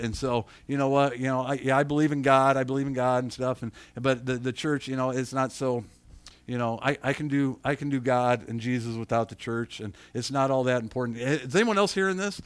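A middle-aged man preaching a sermon, animated, acting out quotes and asking his congregation questions. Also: mid-range voice, brisk, clean tone, dry recording. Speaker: pastor.

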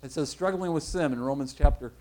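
A man's voice: fairly high pitch, brisk, darkish tone, soft background music, poor audio. A man preaching a sermon in a conversational, rambling way, often correcting himself mid-sentence. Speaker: pastor.

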